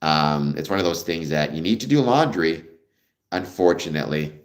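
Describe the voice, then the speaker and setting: This livestream host is a Canadian man whose voice sits extremely low, moving at a moderate pace. His talk with viewers is friendly and meandering, full of ums.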